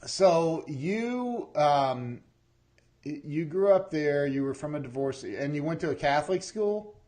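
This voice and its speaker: A man hosting a podcast interview, asking questions in a halting, repetitive way with many fillers. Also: on the high side, lively intonation, darkish tone. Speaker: podcast host. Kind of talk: casual interview chat.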